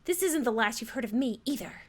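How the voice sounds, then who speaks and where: A woman's voice: a little high, expressive, a little fast. A woman voicing a snobby young female rival chef who talks down to everyone in a haughty, snippy way. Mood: furious. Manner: condescending, haughty.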